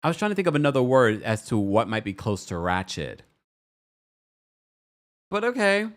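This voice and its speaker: A young man hosting a casual show recap, sassy and animated, who jumps into a high voice when he quotes people. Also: moderate pace. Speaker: recap host.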